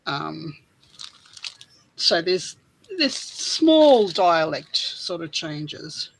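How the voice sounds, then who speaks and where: A woman's voice: sits low, big pitch swings, very slow, gravelly, slight background noise, rough recording. An Australian woman chatting casually as a livestream guest, explaining things in an easygoing, chatty way. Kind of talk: casual chat.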